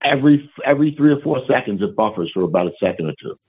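A man calling in to a live stream, talking excitably and swearing freely. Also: medium pitch, very fast, husky. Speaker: caller. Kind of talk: casual phone-in chat. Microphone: phone. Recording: tinny phone line.

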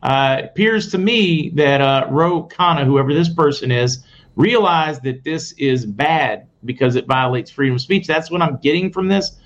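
A man hosting a casual live stream, reading posts aloud fast and adding sarcastic asides to his viewers. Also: a little high. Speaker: host. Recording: muffled audio with faint noise.

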